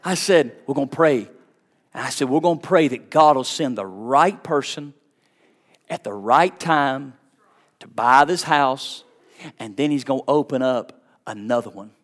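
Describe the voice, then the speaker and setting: Fervent preacher, higher voice. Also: male voice. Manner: fervent preaching, swings from hushed to shouting. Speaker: pastor. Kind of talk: sermon with storytelling.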